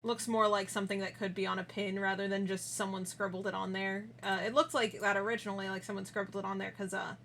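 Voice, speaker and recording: A woman's voice: medium pitch, level tone, quick pace, gravelly, hardly any pauses, fairly bright tone, a little hiss or hum. A young woman streamer chatting casually with her viewers, giggling often and trailing off into restarts.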